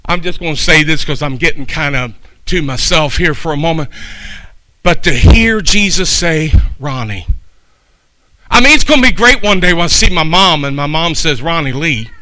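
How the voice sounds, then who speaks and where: A man preaching a sermon, swinging from shouted peaks to soft, slow asides and folksy, humorous stories. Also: on the high side, low-quality recording. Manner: folksy storytelling with homespun humor.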